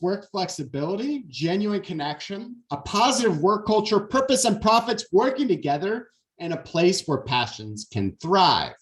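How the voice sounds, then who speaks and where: Animated man giving a keynote. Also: high-pitched. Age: 40s. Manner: animated storyteller, acts out quotes. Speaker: keynote speaker. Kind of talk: motivational keynote talk.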